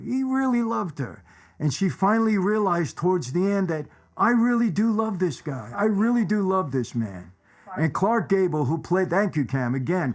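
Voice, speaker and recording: Guy hosting his channel, kinda high voice, rambles and repeats stuff, chatting about movies. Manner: rambling, repeats phrases for emphasis. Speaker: channel host. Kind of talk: casual movie commentary to viewers.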